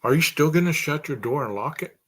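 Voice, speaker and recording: A man's voice: fairly high pitch, animated, brisk, breathy edge. A man hosting a true crime podcast, speculating aloud through a string of rhetorical questions.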